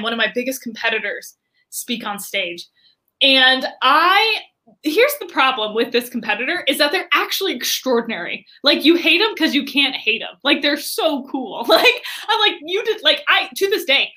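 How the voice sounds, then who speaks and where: A woman entrepreneur telling a story animatedly in an interview, chatty and expressive, saying "like" often. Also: high voice, moderate pace. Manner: chatty, frequent filler "like", expressive. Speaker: entrepreneur and podcast guest.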